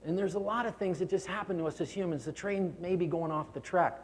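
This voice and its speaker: A man's voice: high-pitched, fast talker. A man giving a motivational keynote speech, earnest and prone to repeating words when stirred. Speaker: keynote speaker. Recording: long hall reverb.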